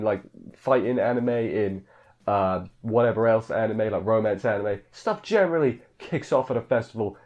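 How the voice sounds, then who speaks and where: A man's voice: mid-range voice, a little mellow, highs cut off. Rambling man recapping an anime. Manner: rambling, offhand, filler-heavy, mimics characters in quotes. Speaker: anime reviewer. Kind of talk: casual episode recap.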